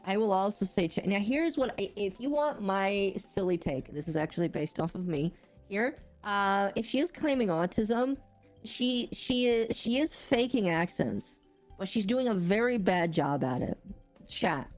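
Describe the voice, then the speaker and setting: A young woman co-hosts a casual streamed podcast, talking in a rambling, halting way full of restarts. Her pitch sits in the middle range, and faint music plays beneath her voice. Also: lively intonation, a little mellow. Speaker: podcast co-host.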